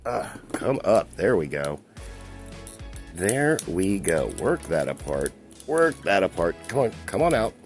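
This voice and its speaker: A man's voice: low-pitched, big pitch swings, measured pace, soft background music. A man casually reviewing a collectible toy, chatty and rambling, with a chuckle now and then. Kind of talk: casual toy review while handling a figure.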